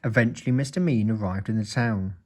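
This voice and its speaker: A man reading a children's story aloud in an expressive, playful way. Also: lowish voice, a little fast.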